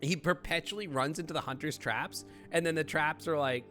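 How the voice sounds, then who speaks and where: A man's voice: a little high, normal speed, a bit bright, faint music behind. A man streaming a game live, chatting, laughing often and reacting on the fly. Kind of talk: live gameplay commentary.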